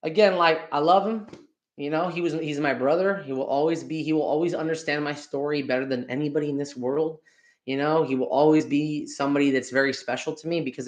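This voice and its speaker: A man hosting a solo podcast, ranting sarcastically about parenting and his childhood, swearing freely. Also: a little high. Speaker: podcast host.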